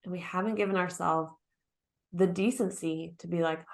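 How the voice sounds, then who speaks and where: A woman's voice: lowish voice, fairly even intonation, moderate pace. A woman speaking on a conference stage, talking conversationally to the audience and asking them questions. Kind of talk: conference talk.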